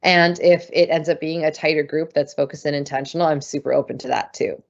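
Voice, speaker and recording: Low-voiced, enthusiastic woman guest. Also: little pitch movement, fairly quick, vocal fry, dull audio. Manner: enthusiastic, open and spiritual in tone. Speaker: podcast guest, voice and singing group leader. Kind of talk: casual interview chat.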